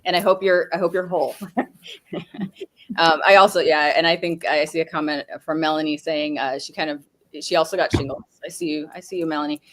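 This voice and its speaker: A woman's voice: sits low, steady tone, a little fast, a bit bright. A woman hosts a webinar on a video call. She talks conversationally and reads out viewer comments. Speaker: webinar host. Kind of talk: casual webinar talk.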